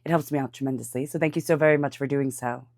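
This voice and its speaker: A woman with a congested, stuffy voice, giving a calm tarot reading. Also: a bass voice, quick pace, no room sound, studio quality. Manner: calm, soothing guidance. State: congested from a cold. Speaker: tarot reader.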